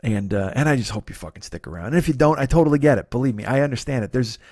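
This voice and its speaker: A man's voice: mid-range voice, lively intonation, very fast, a little mellow, dry recording. A man talks alone into a close mic in a comedy podcast monologue. He rambles, curses freely and mocks himself, and the sound is dry with no room around it. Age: 40s. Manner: profane, self-deprecating, rambling. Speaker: podcast host.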